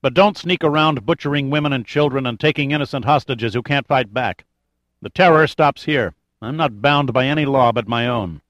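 A cold, wisecracking action hero, voiced by a male narrator talks back with hard, defiant calm. His voice has a middle pitch. The sound is close and dry. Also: normal speed, dry recording, highs cut off, lightly acted. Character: cool, sardonic tough male hero, adult.

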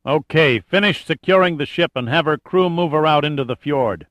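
A man voicing a calm, curt male special forces colonel giving flat orders. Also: a little high, moderate pace, no room sound, voice pushed up, lightly acted.

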